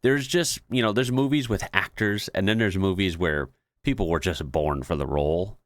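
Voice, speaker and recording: Reaction host: low-pitched American guy, easygoing and chatty, dry close sound. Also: moderate pace, no room sound. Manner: chatty, laughs often, many fillers. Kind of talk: casual reaction commentary.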